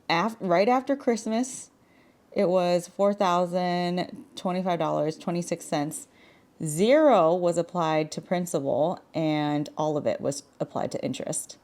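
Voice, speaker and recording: A woman's voice: on the low side, measured pace, darkish tone. A woman in her thirties vlogging in a frank, chatty way, full of filler words. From Washington state. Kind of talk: casual chat.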